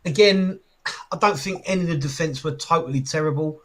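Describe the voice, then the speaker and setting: Higher-voiced man hedging football views. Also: fairly quick. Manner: animated, hedging with "I think". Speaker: podcast co-host. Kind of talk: casual football chat.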